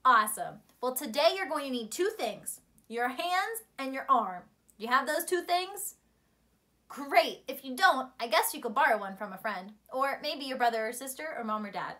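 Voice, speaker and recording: A woman's voice: high-pitched, lively intonation, moderate pace, bright, forceful tone. A woman teacher speaking to young children in an encouraging storytime lesson. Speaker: primary school teacher.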